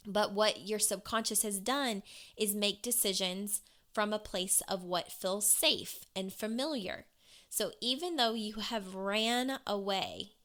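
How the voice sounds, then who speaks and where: Bright-voiced woman telling her story. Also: on the low side. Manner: earnest, confiding, quotes her own past dialogue. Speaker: podcast host. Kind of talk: personal storytelling monologue.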